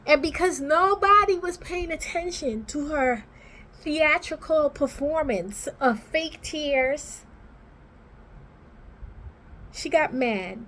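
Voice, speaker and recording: A woman's voice: high-pitched, slow, pauses often. A woman vlogging from her small home office, chatting casually and sassily to camera as she reviews TV shows. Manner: animated, sassy, outspoken.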